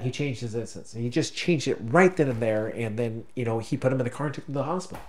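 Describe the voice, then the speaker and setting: A man co-hosting a podcast, telling a story in halting, emotional casual talk, choked up at times. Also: medium pitch. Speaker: podcast co-host. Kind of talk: casual conversation.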